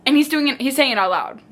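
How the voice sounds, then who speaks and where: A young woman chatting casually as a book vlogger, animated and dramatic, with lots of filler "like"s. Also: high voice. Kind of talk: casual chat.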